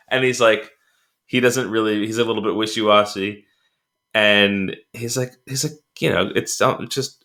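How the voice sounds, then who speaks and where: A man's voice: on the low side, steady tone, brisk, pushed and bright. A man co-hosting a podcast in casual chat, rambling with many fillers and restarts and laughing as he retells film scenes. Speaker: podcast co-host.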